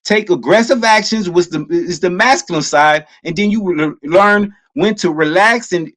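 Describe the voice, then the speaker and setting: A man giving a motivational talk, emphatic and repetitive, who keeps addressing listeners as family and gets loud and emotional at times. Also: high voice, normal speed. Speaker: motivational vlogger.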